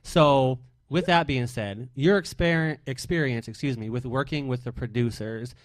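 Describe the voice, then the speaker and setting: A man's voice: medium pitch, moderate pace, dry recording, clean studio sound. A man hosting a radio interview, talking loosely and emotionally, with long rambling questions. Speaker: radio show host. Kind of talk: casual interview.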